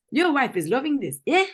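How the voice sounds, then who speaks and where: A woman's voice: high-pitched, pitched above the performer's own voice. A woman voicing a pushy, mocking female interrogator with an exaggerated foreign accent and broken English.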